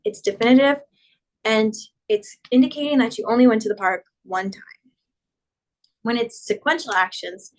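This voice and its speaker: Female teacher, patient explainer, walks through conjugation tables slowly and clearly. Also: on the high side, low-quality recording. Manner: patient, spells out verb endings, slows down for examples. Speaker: Spanish teacher. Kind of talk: explanatory grammar lesson.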